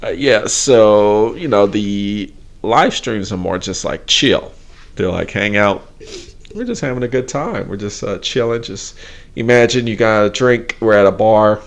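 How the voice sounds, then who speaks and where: A man's voice: on the low side, expressive, a little slow, creaky. A man hosting a casual live stream, talking in a laid-back, rambling way with frequent chuckles, sounding tired and a little drained. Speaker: host.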